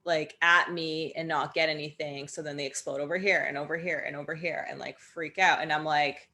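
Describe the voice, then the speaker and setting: A woman co-hosting a casual conversation, speaking in a measured, earnest way. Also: low voice, fairly even intonation, pushed and bright. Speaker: co-host.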